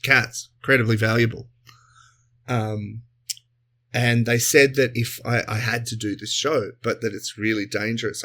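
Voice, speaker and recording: A man's voice: medium pitch, flat delivery, a little slow, pushed and bright. A man co-hosting a comedy podcast, chatty and explaining at length with tangents. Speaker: co-host. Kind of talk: casual comedy podcast recap.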